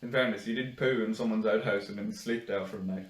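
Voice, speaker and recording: A fairly low-pitched man talks fast as a podcast co-host in casual banter, swearing a lot and acting out the quotes in his animated stories. He sits far from the mic in an echoey room.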